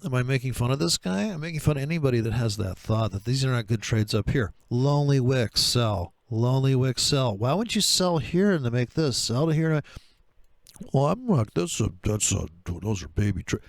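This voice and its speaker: A man talking through trading charts in a profane, sarcastic rant, with a gravelly voice. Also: mid-range voice, very animated, a little fast, dry recording. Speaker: trader. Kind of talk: screen-share trading commentary.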